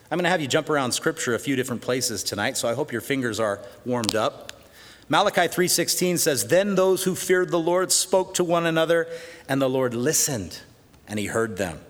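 A middle-aged man preaching a sermon as pastor, swinging between loud praise and hushed storytelling. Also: mid-range voice. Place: church sanctuary. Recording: long reverb of a large hall.

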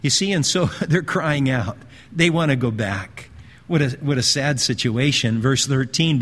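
A male pastor preaching a sermon in a conversational way, slowing down and repeating phrases for emphasis. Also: mid-range voice, lively intonation, fairly bright tone. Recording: long hall reverb.

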